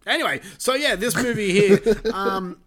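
A man's voice: high voice, moderate pace, fairly bright tone. A man chatting casually as a podcast co-host reviewing films, loose and sweary, laughing often. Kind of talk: casual chat.

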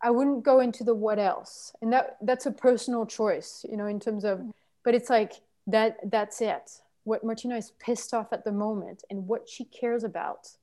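A woman's voice: fairly high pitch, fairly even intonation, normal speed, dark tone. A woman trainer coaching a practice session, giving directive, encouraging step-by-step instructions. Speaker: anger workshop trainer.

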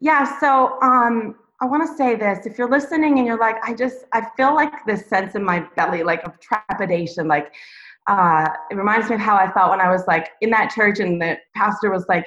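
A woman's voice: mid-range voice, normal speed, a bit bright. A woman podcast guest sharing her faith testimony and leading listeners in prayer, emotional and rambling. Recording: roomy, dull lo-fi sound.

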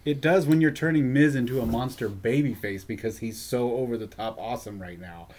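A man with a mid-range voice talks in a loose, animated way, full of strong opinions and quick laughs. He is chatting casually with friends on a podcast. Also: medium pitch. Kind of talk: casual wrestling chat.

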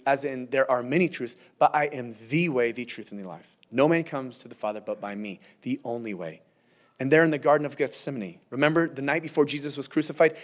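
A male pastor giving a verse-by-verse sermon, earnest and emphatic, dropping to a low hush on key points. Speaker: lead pastor.

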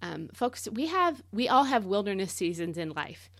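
A woman's voice: medium pitch, very animated, moderate pace, no room sound, clean studio sound. A woman hosting a devotional podcast, teaching in a casual, conversational way and leaning hard on key words.

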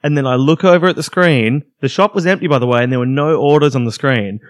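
A man's voice: mid-range voice, fast. An Australian man in his thirties, co-hosting a casual chat and telling wry, self-deprecating stories. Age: 30s. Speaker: podcast co-host.

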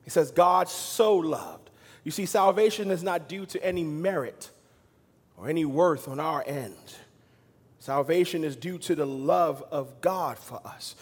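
A man preaching a sermon as pastor, swinging between loud emphatic lines and quiet, hushed asides. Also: fairly high pitch, normal speed, breathy edge, big-room sound. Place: church sanctuary.

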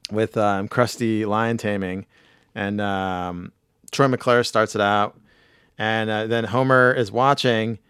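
Hoarse man rambling through a recap. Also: lowish voice, fairly even intonation, takes it slowly, fairly bright tone, no echo, studio quality. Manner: rambling, laughing episode recap. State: hoarse, losing his voice. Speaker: podcast host. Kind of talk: casual chat.

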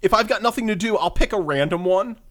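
A man co-hosting a podcast in casual chat, ranting in a wry, deadpan way. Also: sits high, quick pace. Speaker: podcast co-host.

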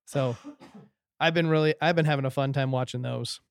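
A man's voice: mid-range voice, steady tone, normal speed, creaky, clean tone, no echo, studio quality. A man co-hosting a casual podcast, chatting in an easygoing way and laughing often. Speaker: podcast co-host. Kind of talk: casual chat.

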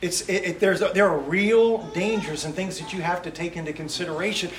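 Animated high-voiced male preacher. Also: brisk, echoey room. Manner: animated, acts out quotes. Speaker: missionary preacher. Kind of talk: sermon with stories.

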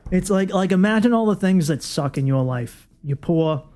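A man's voice: high voice, lively intonation, moderate pace, mellow. A man with a South Boston accent in a slightly raised register, guesting on a casual radio talk show. He riffs with a wry, sardonic edge, building complaints into jokes. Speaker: comedian guest.

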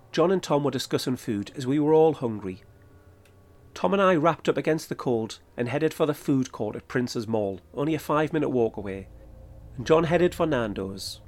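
Male podcast host reading a first-person account, even and matter-of-fact, mid voice. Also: medium pitch. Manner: steady, matter-of-fact storytelling. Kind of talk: scripted first-person narration.

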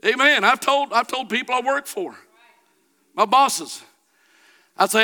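A middle-aged man preaching a sermon, telling a folksy personal story that builds to shouting. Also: extremely high pitch, expressive, measured pace, long pauses.

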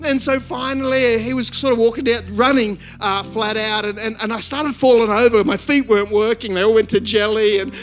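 A man, preaching a sermon and telling a lively personal story with many restarts. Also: very high-pitched, brisk, hardly any pauses, soft background music. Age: 50s. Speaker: pastor.

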